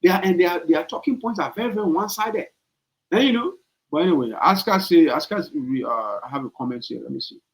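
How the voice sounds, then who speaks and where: Emphatic Liberian man, fairly high voice. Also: expressive, brisk, rough recording. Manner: emphatic, repeats points, rhetorical questions. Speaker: podcast host. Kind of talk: opinionated political commentary.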